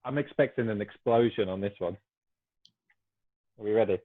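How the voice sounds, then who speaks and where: A man from Essex, England, with a British accent, chatting as a podcast guest with wry, quick banter. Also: lowish voice. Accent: British English. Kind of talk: casual podcast chat. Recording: tinny phone-like call audio.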